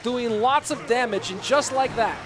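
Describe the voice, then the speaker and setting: A high-pitched, hammed-up esports caster, as a man puts it on with a thick mock Russian accent and clipped broken English. Music runs behind the call. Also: normal speed. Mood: playful. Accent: put-on Russian. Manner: drops articles, broken English for effect.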